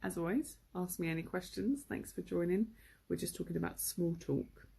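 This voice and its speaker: Chatty teacher, female, low and husky, loose live-lesson delivery. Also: normal speed. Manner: chatty, relaxed, full of fillers. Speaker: English teacher. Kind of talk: casual live-streamed lesson.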